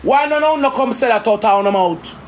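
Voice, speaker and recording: A woman's voice: fairly high pitch, lively intonation. Indignant Jamaican woman ranting. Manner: indignant, confrontational, rapid patois. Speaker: live-stream personality. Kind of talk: heated live-stream rant.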